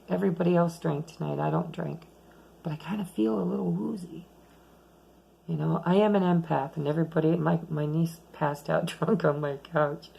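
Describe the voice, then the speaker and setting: A woman giving a chatty, rambling tarot reading at home late at night, losing her voice and talking softly at times. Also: low voice, vocal fry, husky, low-quality recording. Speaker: tarot reader.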